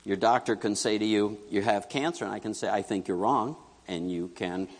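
A middle-aged pastor delivers a sermon in a relaxed, conversational style, telling stories and acting out the quotes with animation. His voice is fairly low and moves at a normal speed, and the sound carries the feel of a big room.

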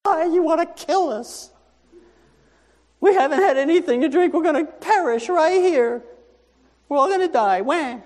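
A man's voice: extremely high pitch, lively intonation, measured pace, long pauses, a little mellow, in a large hall, voice pushed up. A man voicing panicky, whining ancient Israelites who complain melodramatically.

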